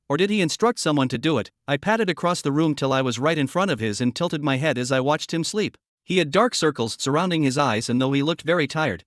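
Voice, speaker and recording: Male narrator, slightly high voice, dry close-miked sound, steady audiobook reading. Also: dry recording. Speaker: story narrator. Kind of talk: scripted first-person audiobook narration.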